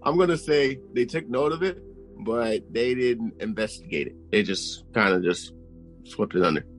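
A man's voice: medium pitch, moderate pace, faint music behind, poor audio. A man co-hosting a podcast, chatting casually and making his points emphatically. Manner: emphatic, reacts with short exclamations. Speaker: podcast co-host.

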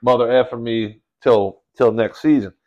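Guy with telling a story on a podcast, lively, lots of bro and dude. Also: mid-range voice, moderate pace, highs cut off. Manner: animated storyteller, slangy, says bro and dude. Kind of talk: casual chat.

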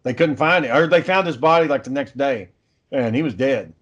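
A man's voice: medium pitch, fairly quick, muffled recording. A man who is a father, chatting casually and telling stories in a blunt, profane way. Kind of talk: casual chat.

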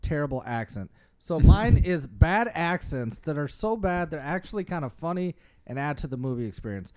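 A young man co-hosting a podcast in relaxed, casual chat, swearing offhandedly and laughing often. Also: on the high side, moderate pace. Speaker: podcast co-host.

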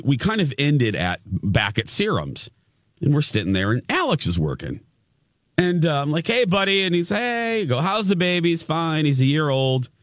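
A man's voice: no room sound, clean studio sound. A man in his forties, co-hosting a casual chat show and telling a story in a theatrical way. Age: 40s. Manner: animated, theatrical, jumps to a high voice when excited. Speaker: podcast co-host.

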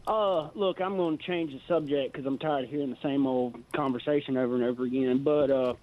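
A man's voice: mid-range voice, fairly quick. A man calling a sports radio show, giving casual earnest opinions with fillers, heard on a tinny phone line. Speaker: caller. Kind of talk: call-in chat.

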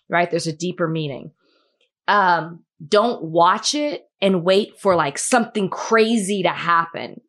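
A woman co-hosting a podcast in casual chat, talking in a chatty way with many fillers. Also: on the low side. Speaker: podcast co-host and entertainment interviewer.

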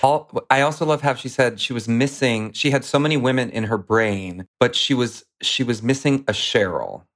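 A man's voice: medium pitch, moderate pace. A man guesting on a podcast, chatting casually about a memoir and agreeing readily with the host. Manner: relaxed, agreeable, short affirmations. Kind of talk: casual book chat.

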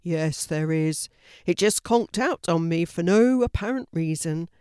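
A woman's voice: lowish voice, expressive, unhurried, a little mellow, clean tone, dry recording, studio quality. A woman voicing a friendly, slightly flustered village postman in a storybook reading. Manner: friendly, puzzled, grateful. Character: kindly village postman, grown man, a bit flustered.

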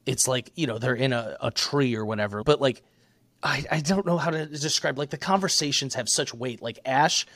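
A man's voice: medium pitch, normal speed, fairly bright tone, no room sound. A young man co-hosting a podcast, talking in a casual, rambling way full of fillers and laughs. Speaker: podcast co-host. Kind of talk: casual chat.

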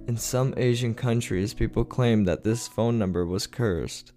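Low-voiced man narrating creepy tales. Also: fairly even intonation, moderate pace, dark tone, soft background music. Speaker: podcast host and narrator.

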